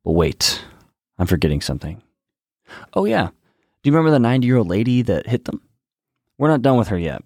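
A man's voice: mid-range voice, sing-song, fairly quick, pauses often, darkish tone, no room sound, studio quality. A man narrating a true story in a conversational way, with teasing asides to the listener.

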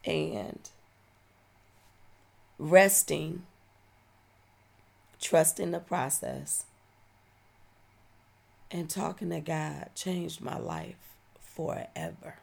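A woman's voice: low-pitched, steady tone, extremely slow, vocal fry, pauses often, darkish tone, slightly rough. A woman, giving a heartfelt, reflective personal testimony. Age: 40s.

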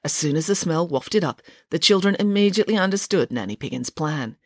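A woman's voice: sits low, a little fast, dry recording, clean studio sound. Playful woman reading a children's story. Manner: playful, wry, expressive. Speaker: storyteller, author reading own book.

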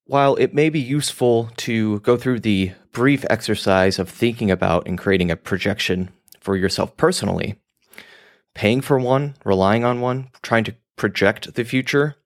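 A man's voice: mid-range voice, unhurried. A man hosting a podcast, talking in a rambling, casual monologue with some swearing, often laughing at himself. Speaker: podcast host.

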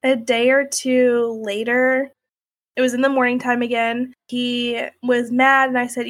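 A woman's voice: a little high, fairly even intonation, measured pace, no echo. A woman telling her own story in a candid, conversational way, with many fillers like "like" and "you know". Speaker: interviewee sharing her story.

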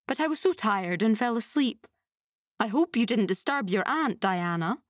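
A woman voicing a kind, tired mother speaking gently to two young girls. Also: a little high, lively intonation, moderate pace, no echo, clean studio sound, lightly acted. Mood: kindly.

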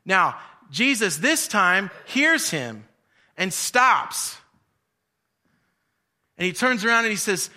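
A man's voice: high-pitched, lively intonation, measured pace, sharp tone. A man preaching a sermon in a conversational, storytelling way, acting out the voices in his stories. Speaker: pastor.

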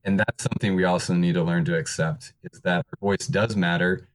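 Earnest low-voiced man on a podcast. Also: fairly even intonation, brisk. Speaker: podcaster, co-host. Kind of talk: casual podcast chat.

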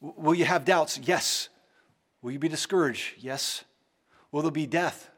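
Speaking at a measured pace, a preacher delivers a conversational sermon peppered with repeated words, rising to emphatic highs and then dropping into quiet passages.

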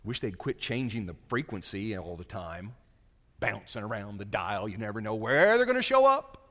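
A male preacher giving a sermon, moving between quiet, low asides and raised, emphatic points. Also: sing-song, moderate pace. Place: church sanctuary. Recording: long reverb of a large hall.

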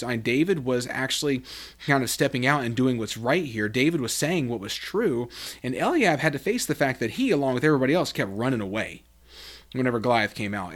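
Guy on a bible podcast reading scripture n explaining it, super lively voice that jumps all over, mid pitch. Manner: animated, acts out quoted lines with big pitch jumps.

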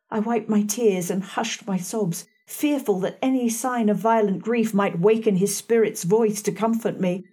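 Expressive woman reading an audiobook. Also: on the high side. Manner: expressive, hushed and dramatic. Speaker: audiobook narrator. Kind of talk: dramatic first-person audiobook reading.

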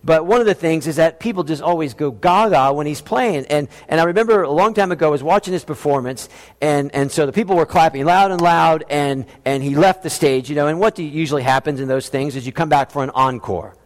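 A man preaching a sermon as a pastor, emphatic, slowing down to stress key phrases. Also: a little high, long reverb tail.

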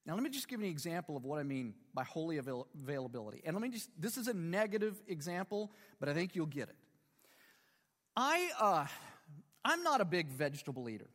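A man's voice: on the high side, sing-song, fast, fairly bright tone, long reverb tail. A man in his fifties preaching a sermon in a conversational way, with rhetorical questions and humor. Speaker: pastor.

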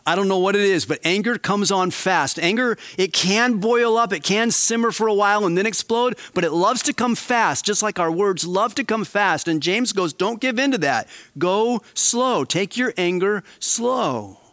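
A male pastor preaching a sermon, swinging between quiet, slow emphasis and animated, raised passages. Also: sits high, dry recording, studio quality.

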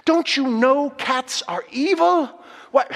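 A preacher puts on a poor young artist, hungry and short-tempered, whose voice leaps high and swings wildly. He bursts out in indignant exclamations, and the voice rings around a reverberant hall. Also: very animated, normal speed, a bit bright, slightly rough, heavily acted.

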